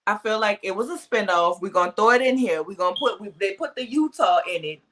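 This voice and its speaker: Brash, ranting woman with a bright voice. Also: medium pitch, animated, fast, slight background noise. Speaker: co-host. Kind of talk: casual chat on a livestream.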